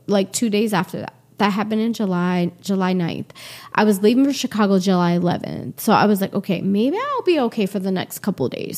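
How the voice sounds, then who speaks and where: A woman in her forties, a guest on an interview show, telling a personal story in an animated way and acting out what people said. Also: mid-range voice. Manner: animated, acts out quoted dialogue.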